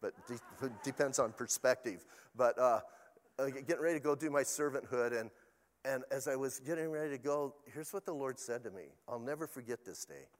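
A man's voice: medium pitch, fairly quick, long reverb tail. An older man, a pastor, preaching a sermon in a chatty, storytelling way with asides to the congregation.

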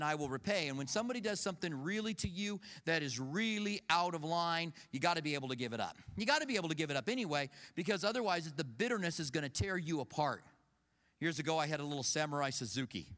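A man preaching in a conversational way, his voice a little higher than most men's and carried by the long echo of a big hall. He tells personal stories and acts out what people said in lively bursts. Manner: storytelling, acts out quoted voices, animated. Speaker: pastor. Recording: long reverb of a large hall.

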